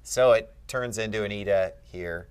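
A man's voice: on the low side, normal speed, clean tone. A man tutoring a student in Greek grammar, patient and asking leading questions. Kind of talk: one-on-one grammar lesson.

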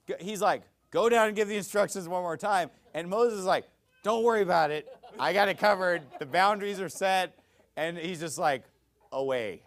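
A man preaching a sermon in a folksy, conversational way. His voice sits a little high and swings widely as he acts out the story, and he keeps checking in with the listeners. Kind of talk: expository sermon.

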